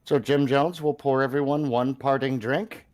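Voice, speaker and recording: A man's voice: mid-range voice, steady tone, normal speed, a little mellow, no room sound. A man playing a tabletop game, firm and insistent, repeating his point in casual banter. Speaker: player.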